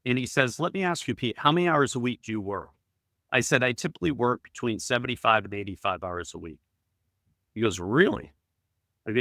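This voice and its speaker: A man's voice: mid-range voice, no room sound, studio quality. A middle-aged man, telling a story as a real estate guest and acting out both sides of a conversation. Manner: animated storyteller acting out dialogue. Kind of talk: storytelling in a talk.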